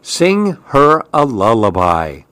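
A man reading a children's picture book aloud in a gentle, playful way. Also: medium pitch, sing-song, no room sound. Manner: gentle, playful, slow storytelling. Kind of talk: storybook read-aloud.

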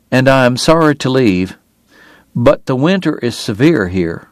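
A man voicing a weary, tender dying gentleman. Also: medium pitch, no echo, lightly acted. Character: frail, gentle Southern gentleman dying of illness. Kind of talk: audiobook character voice.

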